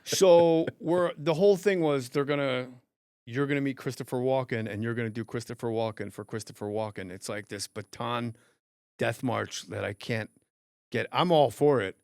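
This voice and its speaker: A man's voice: medium pitch, moderate pace, smooth, dry recording, clean studio sound. A middle-aged man, a comedian hosting a podcast, telling stories in casual chat and acting out heated quotes. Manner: animated, acts out heated quotes loudly.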